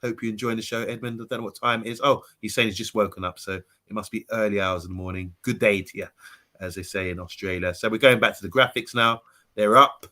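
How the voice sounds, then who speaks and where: A man hosting a live stream, chatty, reading viewer messages aloud and trailing off softly. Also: fairly low pitch, fairly even intonation, fast. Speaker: stream host reading chat.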